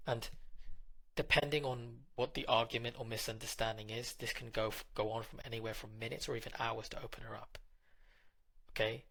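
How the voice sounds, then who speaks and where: Gravelly man giving direct relationship advice. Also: mid-range voice, pushed and bright, poor audio. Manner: direct, instructive, addresses the listener. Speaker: relationship coach.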